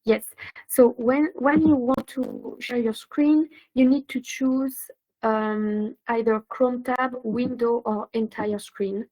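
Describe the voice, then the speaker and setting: A woman's voice: a little high, steady tone, takes it slowly, dull audio. A woman hosting a live online session, chatting casually and helpfully guiding her guest, using fillers like "um" and "like", over a video call. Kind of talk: casual pre-show chat.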